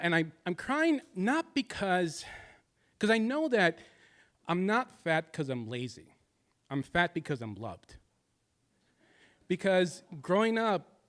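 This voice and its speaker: A stand-up comedian in his thirties tells a confessional personal story, moving between jokes and somber moments. His voice is a little high with a fairly bright tone.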